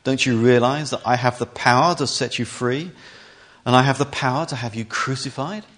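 A man's voice: medium pitch, moderate pace, a bit bright, voice pushed up, close to an everyday voice. A man voicing an uneasy, stern Roman governor who questions and presses, in a scripture reading.

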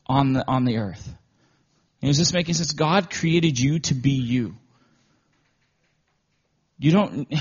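Husky-voiced man preaching conversationally. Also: mid-range voice. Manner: conversational storytelling, often emotional. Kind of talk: sermon. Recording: dull lo-fi recording.

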